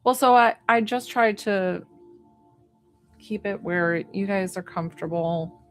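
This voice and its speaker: A woman's voice: medium pitch, measured pace. Young woman medium gushing on a livestream, bubbly and squealy, faint music behind. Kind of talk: live-stream reading and chat.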